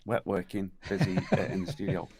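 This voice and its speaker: A man's voice: sits low, flat delivery, fairly quick, darkish tone, slightly rough. A man who is a musician and podcast guest, talking hesitantly with many fillers and laughing easily. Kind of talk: casual chat.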